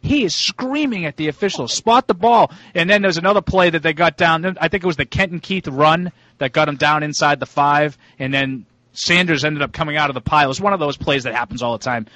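A man's voice: a little high, brisk, bright, forceful tone, no echo. A man co-hosting sports radio, talking in an emphatic, exasperated way and repeating himself for effect. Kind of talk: casual sports radio banter.

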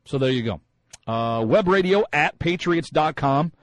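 A man's voice: a little high, lively intonation, unhurried, no echo, poor audio. A man hosting a sports talk radio show, musing in a chatty way with many fillers and restarts.

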